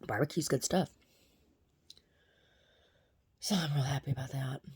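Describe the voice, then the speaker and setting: Low-voiced woman in a profane rant. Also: steady tone, fast, a little mellow, husky. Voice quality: blunt, profane, agitated. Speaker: vlogger. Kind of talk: casual vlog rant.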